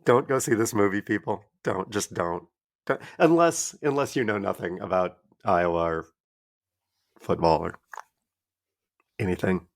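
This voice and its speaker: A man co-hosting a podcast, ranting in an exasperated, animated way during casual chat. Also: on the low side, a little slow, long pauses. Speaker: podcast co-host.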